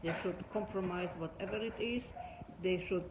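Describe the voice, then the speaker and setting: A woman's voice: lowish voice, moderate pace, roomy sound. Older Polish-accented woman, short firm answers. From Poland. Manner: brief, plain-spoken, firm answers. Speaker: interviewee, host's mother. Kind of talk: casual chat. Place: indoor room with a window view. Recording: noisy livestream audio.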